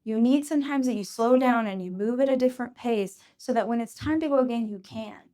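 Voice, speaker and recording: A woman's voice: on the high side, brisk, dark tone. A woman in her forties, a podcast host, giving advice to a live audience in a conversational coaching tone and acting out quoted voices. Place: live event before an audience.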